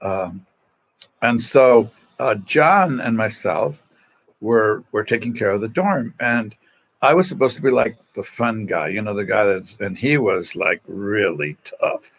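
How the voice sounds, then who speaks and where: A Salesian religious brother from East Los Angeles livestreams from a phone propped at an angle, greeting viewers and reading their comments aloud. His voice is on the low side, a little slow and slightly bright, and the audio is dull. He's chatty, trading self-mocking stories with his online audience.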